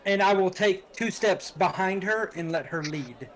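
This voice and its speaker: A man's voice: sits high, unhurried. A man playing in a tabletop game, giving short, plain answers. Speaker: player.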